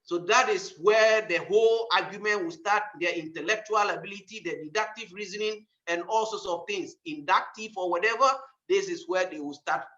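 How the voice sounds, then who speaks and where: A man's voice: high-pitched, moderate pace, few pauses, pushed and bright, lo-fi sound. A middle-aged male professor giving an academic lecture on writing papers. He talks emphatically, repeats himself for stress and asks rhetorical questions.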